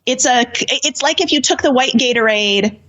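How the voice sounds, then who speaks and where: A woman's voice: high voice, moderate pace, fairly bright tone, dull audio. A woman co-hosting a podcast in casual chat, presenting a quirky news item in a playful, wordy way. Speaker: podcast co-host.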